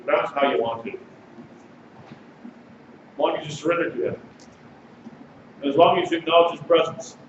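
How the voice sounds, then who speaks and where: High-voiced pastor preaching in an echoey hall. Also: male voice, normal speed, long pauses. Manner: conversational preaching, reads passages aloud. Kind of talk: sermon. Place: congregation sanctuary. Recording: distant mic, echoey sanctuary, dull and noisy.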